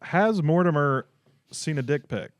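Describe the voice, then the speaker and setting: Joking man on a podcast, lively pitch. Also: no room sound, muffled recording. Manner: joking, quick to laugh, acts out lines in silly voices. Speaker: podcast co-host. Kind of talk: casual chat recapping a TV episode.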